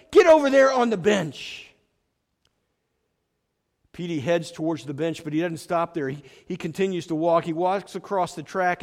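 A man preaching a sermon, earnestly retelling a movie story with frequent restarts. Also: fairly high pitch. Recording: reverberant hall.

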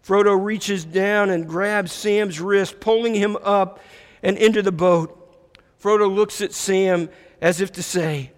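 A man's voice: high-pitched, fairly even intonation, slow pace. A man preaching a sermon, retelling a story reflectively with repeated phrases. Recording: echoey hall reverb.

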